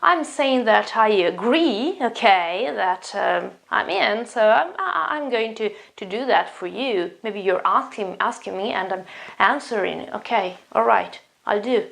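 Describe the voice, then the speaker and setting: A woman's voice: mid-range voice, expressive, a little slow, vocal fry, fairly bright tone. A woman teaching an English lesson, explaining phrases with many fillers and restarts and repeating the examples with emphasis.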